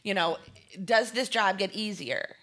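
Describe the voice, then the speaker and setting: A woman's voice: medium pitch, a little slow, a bit bright. A middle-aged woman speaking as an interview guest, talking in an earnest, emphatic way, laughing often and acting out quoted speech. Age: 40s or 50s. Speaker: guest, holistic chef. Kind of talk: candid interview talk.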